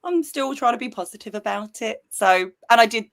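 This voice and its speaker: A woman's voice: fairly high pitch, lively intonation, a little fast, a bit bright. A woman on a podcast panel, chatting casually in an upbeat way. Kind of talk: casual live-stream chat.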